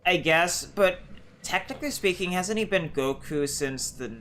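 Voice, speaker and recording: A man's voice: high voice, moderate pace, bright, forceful tone, a little hiss or hum. A young man streaming a co-op game, chatting in a rambling, hedging way. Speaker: gaming streamer. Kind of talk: casual chat while gaming.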